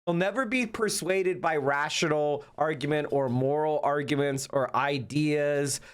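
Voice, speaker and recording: A man's voice: on the high side, unhurried, clear, resonant tone. A man giving casual political commentary, rambling with many fillers and hesitations.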